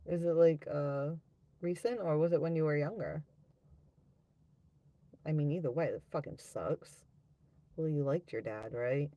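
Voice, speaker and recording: A woman in her thirties with a low voice hosts a casual livestream tarot reading. She talks bluntly, swears freely and breaks into laughter often, reading chat comments aloud. The sound is dry and close. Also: unhurried, long pauses, no echo, dull audio. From United States. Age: 30s.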